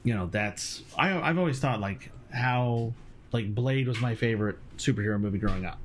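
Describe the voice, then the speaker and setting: A man's voice: medium pitch, normal speed, a little hiss or hum. A man co-hosting a casual movie podcast, talking in a rambling, chatty way and laughing often. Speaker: podcast co-host. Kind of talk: casual chat about movies.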